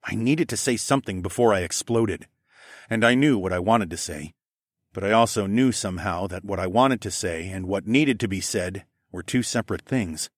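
A man's voice: on the low side, normal speed, no room sound, clean studio sound. A man narrating a first-person fantasy audiobook expressively, acting out the dialogue.

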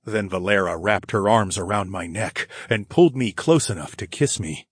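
A man narrating a romance audiobook in the first person, with a low, intimate delivery and soft sighs. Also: moderate pace, breathy edge, no echo, clean studio sound.

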